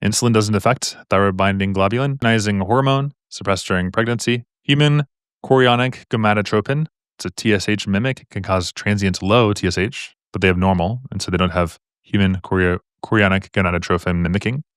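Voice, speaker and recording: A man's voice: fairly low pitch, a little fast, smooth, no echo, studio quality. A man tutoring on medical exam questions in a live stream, explaining in a casual, upbeat way with repetitions and slangy asides.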